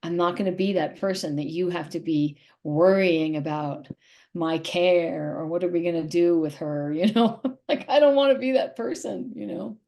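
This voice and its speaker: A woman's voice: lowish voice, normal speed, gravelly, warm tone. A middle-aged woman speaking candidly as an interview guest, emotional and rambling, often repeating herself.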